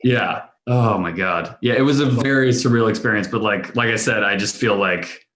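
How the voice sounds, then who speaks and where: A man's voice: fairly low pitch, moderate pace, fairly bright tone, echoey room. A man chatting casually on a panel, telling a story in a rambling, self-interrupting way with bursts of laughter. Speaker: panel guest, actor. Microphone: video call.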